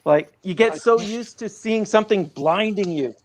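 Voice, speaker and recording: A man's voice: high-pitched, normal speed, slight background noise. A man who is a guest fan on a podcast, talking in a modest, mild-mannered way. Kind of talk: casual chat.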